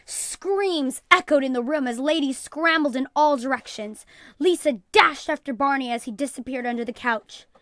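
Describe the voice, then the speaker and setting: Brief: woman teacher, read-aloud lesson, careful classroom delivery, high voice. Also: fairly bright tone, no room sound, clean studio sound. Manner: clear, deliberate classroom reading.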